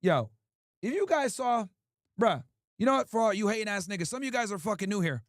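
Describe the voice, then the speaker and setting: A man's voice: high-pitched, big pitch swings, a little fast, no echo, studio quality. A man hosting a livestream in casual talk, profane and ranting as he answers his chat. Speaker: streamer host.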